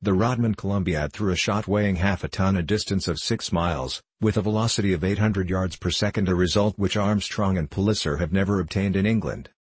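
A man's voice: sits low, brisk, few pauses, breathy edge, dry recording. A man voicing a veteran male army general who reports facts and figures plainly. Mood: matter-of-fact.

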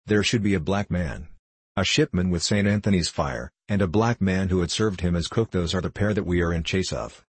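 A man's voice: low voice, brisk, breathy edge, no room sound. A man reading the part of a stern, commanding medieval bailiff who talks in old-fashioned, blustering speech.

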